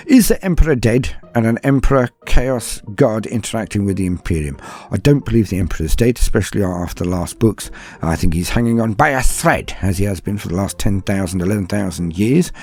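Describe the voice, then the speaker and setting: A man's voice: lowish voice, lively intonation, fairly quick, darkish tone, breathy edge, soft background music. A man from southern England with a BBC English accent, answering patron questions in a chatty, self-deprecating way with rambling asides. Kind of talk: casual podcast Q&A.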